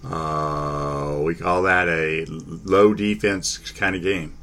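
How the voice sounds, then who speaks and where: A man hosting a casual sports talk chat, halting, with many fillers and restarts. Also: low-pitched, fairly even intonation, bright, forceful tone.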